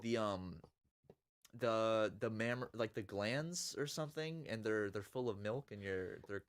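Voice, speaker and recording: A man's voice: lowish voice, measured pace. A young man chatting casually and crudely while playing a building game, rambling with lots of restarts. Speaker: gaming video host. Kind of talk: casual chat.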